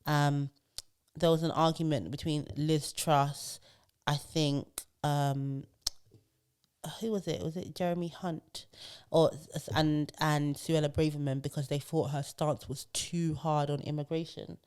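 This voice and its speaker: A woman with a low-pitched voice co-hosts a podcast in relaxed, casual chat. She talks in an animated way and often slips into mocking impressions of posh speakers. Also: a little slow, smooth. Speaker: podcast co-host.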